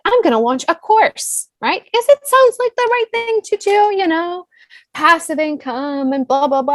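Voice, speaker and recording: A woman in her thirties with a foreign accent, a business coach telling her own story as a podcast guest, animated and full of "like" and "right?". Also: high-pitched, dry recording. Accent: non-US foreign accent. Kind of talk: personal storytelling in a podcast interview.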